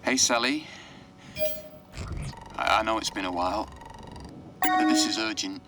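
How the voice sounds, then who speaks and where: An actor playing a worried man who leaves an anxious, halting voice message for an old friend in a game. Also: fairly low pitch, loud music behind the voice, close to an everyday voice. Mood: anxious pleading. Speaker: game character leaving a voicemail.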